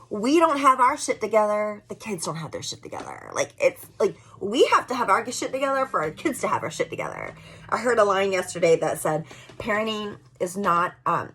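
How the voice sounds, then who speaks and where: Chatty woman in her forties, lively pitch. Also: fairly quick, slightly rough. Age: 40s. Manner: chatty and candid, swinging between loud and soft asides. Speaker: vlogger. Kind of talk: casual vlog talk.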